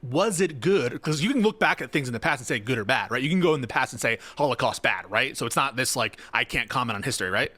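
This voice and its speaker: A man's voice: medium pitch, lively intonation, quick pace, hardly any pauses, sharp tone, no echo. A man in an online debate, pressing questions and cutting in.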